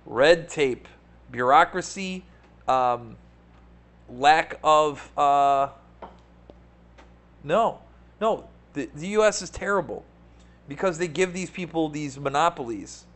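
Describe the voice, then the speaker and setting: A man hosting a live market webcast, talking casually with animated, sarcastic rants and a habit of asking "right?". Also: on the high side, slow pace, pauses often. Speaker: stock market show host.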